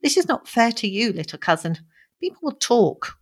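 A woman's voice: on the high side, very animated, normal speed, voice pushed up. A woman reading the part of a shabby young man, weary and rueful, in an audiobook, with clipped, bitter lines.

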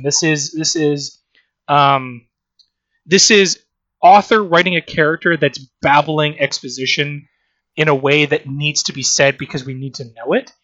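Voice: medium pitch, sharp tone, no echo, dull audio. A podcast co-host in casual chat, rambling and swearing freely while critiquing a story.

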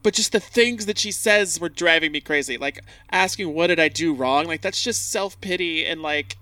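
A man's voice: a little high, moderate pace, pushed and bright, dry recording. A young man co-hosting a casual rewatch podcast, blunt and exasperated, swearing casually. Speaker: podcast co-host.

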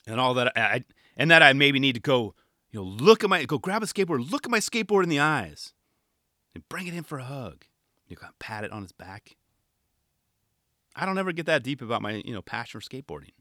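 Animated, rambling podcast host. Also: male voice, mid-range voice, no echo, clean studio sound. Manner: animated, rambling, self-deprecating. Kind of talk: casual chat.

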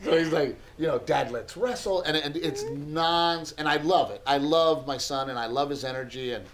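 A man's voice: a little high, moderate pace, poor audio. A man in his thirties, a podcast co-host, telling family stories in a casual chat, laughing often and acting out his son's lines.

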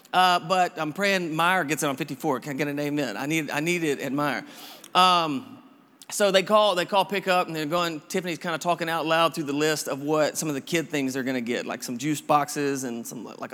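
Male pastor, slightly high voice, casual repetitive sermon style, long hall reverb. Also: a little fast, pushed and bright. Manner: casual, repetitive, encouraging preaching with many restarts.

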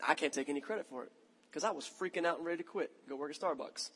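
Brief: pastor in his thirties, casual sermon storytelling, fairly high voice, long hall echo. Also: racing, husky. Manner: conversational storytelling, self-mocking, animated.

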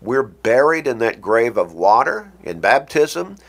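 A man preaching a radio sermon, emphatic and deliberate, quoting scripture. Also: mid-range voice, big pitch swings, gravelly.

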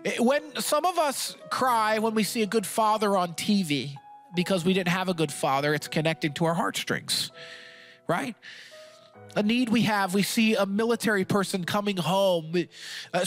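A man with a high, bright voice preaches a sermon with passion, tripping over words and restarting as he builds. Soft music plays faintly under him. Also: moderate pace. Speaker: pastor.

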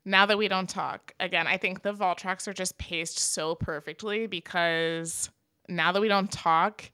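A woman's voice: lowish voice, unhurried, smooth, no echo, clean studio sound. A young woman co-hosting a podcast, chatting casually and enthusiastically as a fan. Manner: enthusiastic, expressive fan talk. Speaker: podcast co-host. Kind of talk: casual chat.

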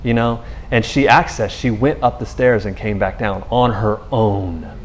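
A man preaching in a loose, conversational podcast style, telling scripture stories in an animated way with slang and frequent restarts. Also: lowish voice, measured pace, slight background noise.

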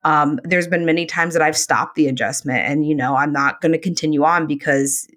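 A woman's voice: sits low, steady tone, a little fast, fairly bright tone. A woman chiropractor in an earnest podcast conversation, with many fillers like "you know".

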